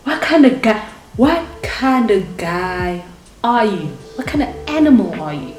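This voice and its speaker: A young woman telling a storytime vlog, animated and indignant, talking straight to her viewers. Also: medium pitch, a little slow. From South Africa. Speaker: vlogger. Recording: echoey room with faint music.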